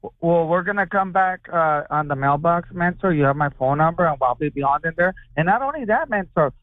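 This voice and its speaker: A man's voice: on the high side, expressive, a little fast, dry recording. A man calling in to a radio show, brash and hyped up. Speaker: caller. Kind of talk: call-in radio chat. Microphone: telephone. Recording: phone line, dry.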